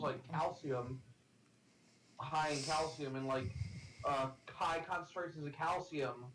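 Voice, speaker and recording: A man co-hosting a game stream who tells a rambling story full of fillers and restarts. His voice sits a bit high, with faint noise behind it. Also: a bit bright, low-quality recording. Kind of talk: casual chat on a game stream.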